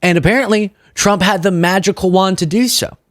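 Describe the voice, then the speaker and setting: Young male commentator, sarcastic monologue, slightly high voice. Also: a little fast, no room sound, studio quality. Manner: sarcastic, animated, mocks opponents in put-on voices. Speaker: political commentary host.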